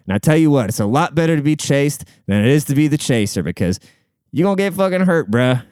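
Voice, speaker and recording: A man's voice: a little high, lively intonation, fast talker, a little mellow, clear, resonant tone, no room sound, studio quality. A young man hosting a podcast, giving a crude, profane, rambling monologue in casual chat.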